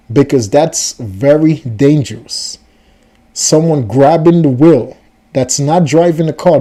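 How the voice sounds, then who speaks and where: A man's voice: fairly high pitch, warm tone. A man hosting a reaction video, commenting on a story in a rambling, incredulous and chatty way.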